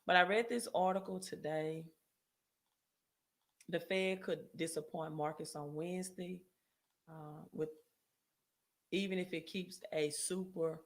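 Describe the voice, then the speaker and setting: A woman hosting a casual finance livestream, talking loosely to viewers, often checking in with "right?" and correcting herself mid-sentence. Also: low voice. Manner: chatty, frequent "right?" tag questions and self-corrections. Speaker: credit and finance livestream host.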